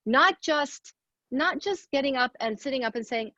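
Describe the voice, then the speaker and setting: A woman's voice: sits high, animated, moderate pace, sharp tone, dry recording, highs cut off. A woman giving an earnest motivational talk, asking rhetorical questions and counting off her points. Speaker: speaker at a women's leadership event.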